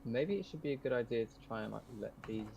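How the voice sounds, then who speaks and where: A man's voice: medium pitch, animated, fast talker, vocal fry, darkish tone, slight background noise, poor audio. A man playing a tabletop game, hesitant and thinking aloud in casual chat. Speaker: player.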